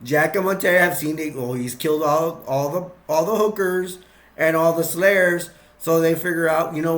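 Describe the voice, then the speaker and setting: Guy recapping a movie all excited, kinda high voice, rambles and goes brrr. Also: moderate pace. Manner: rambling, excitable, with sound effects. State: sugar-boosted, energetic.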